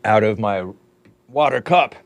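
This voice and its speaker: A man's voice: fairly low pitch, animated, measured pace, no echo. A man hosting a casual livestream, reading viewer comments aloud and rambling with frequent laughs. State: losing his voice. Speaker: livestream show host.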